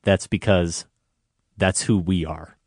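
Brief: middle-aged male host, easygoing and chatty, slightly low voice, dry studio sound. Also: slow, creaky, dry recording. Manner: relaxed, conversational. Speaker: film review show host. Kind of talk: casual review chat.

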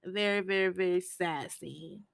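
A woman hosting a podcast, giving a casual, chatty recap of a film with animated asides. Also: lowish voice, a little slow, gravelly, no room sound. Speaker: podcast host reviewing a film.

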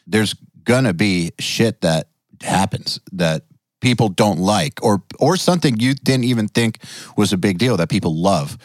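Man, low voice, dry close sound, relaxed opinionated host who swears casually. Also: measured pace, no echo. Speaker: podcast host and online educator. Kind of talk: casual podcast chat.

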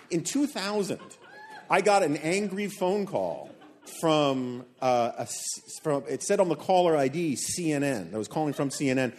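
A man's voice: high-pitched, a little hiss or hum. A man on a live podcast stage, telling a long anecdote and acting out the people he quotes. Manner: animated anecdote teller, quotes people in lively voices. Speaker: podcast panelist telling a story. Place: hotel event room with a live audience.

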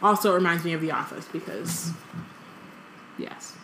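A woman's voice: lowish voice, steady tone, normal speed, sharp tone. Woman reading aloud in an echoey room. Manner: reads dialogue aloud with light voices, laughs often. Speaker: podcast co-host reading aloud. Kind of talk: reading a novel aloud with commentary. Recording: echoey room with faint noise.

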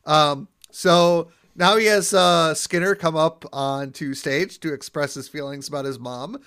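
A man's voice: a little high, steady tone, a little slow, a bit bright, smooth. A man co-hosting a podcast in casual chat, recapping an episode, laughing often and trailing off mid-thought. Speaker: podcast co-host.

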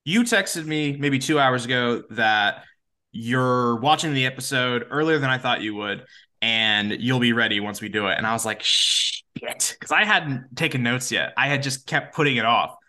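A man's voice: mid-range voice, animated, normal speed, sharp tone. A man co-hosting a podcast in casual chat, teasing and telling stories with acted-out quotes, swearing now and then. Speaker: podcast co-host.

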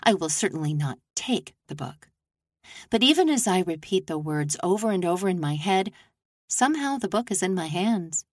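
Woman, lowish voice, measured first-person fiction reading, dry close sound. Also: lively intonation, darkish tone, no echo. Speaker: author reading her novel.

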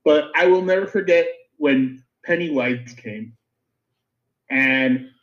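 A man's voice: fairly high pitch, slow, a bit bright. A man from Miami co-hosting a podcast, telling a story animatedly and laughing easily. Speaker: podcast co-host. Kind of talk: casual chat, storytelling. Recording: dull lo-fi recording.

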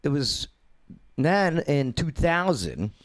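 Lively rambling male talk show host. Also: fairly high pitch, slow pace. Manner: rambling storyteller with many fillers, lively intonation. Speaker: podcast host. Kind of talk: casual talk show chat.

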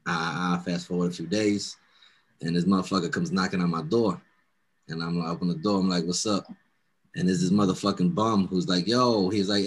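A young man hosting a casual chat, telling a profane story and loudly acting out what everyone said. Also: low voice, a little fast, husky. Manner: profane, animated storyteller, acts out quotes loudly.

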